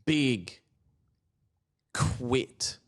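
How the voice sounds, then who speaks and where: A young man, co-hosting a casual podcast. He tells stories with big swings in his voice and acts out quotes as he goes. He swears freely and sounds restless and expressive. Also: medium pitch, very slow. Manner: animated, swearing, storytelling with acted-out quotes. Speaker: comedian and podcast co-host.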